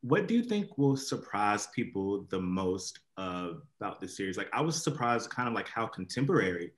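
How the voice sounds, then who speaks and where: A man's voice: lowish voice, sing-song, normal speed. A man interviewing guests over a video call in a chatty way, with lots of fillers. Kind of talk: casual interview. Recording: roomy echo.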